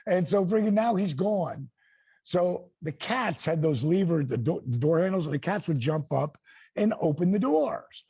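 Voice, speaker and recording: A middle-aged man and former wrestler telling an animated story, acting out quotes with big voice swings. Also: fairly high pitch, moderate pace, dry recording. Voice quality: gravelly.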